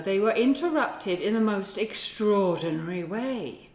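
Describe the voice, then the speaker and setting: Brief: woman storyteller, slow, deliberate and expressive, reverberant room, soft music bed. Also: mid-range voice. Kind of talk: storybook read-aloud. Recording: echoey room with music behind.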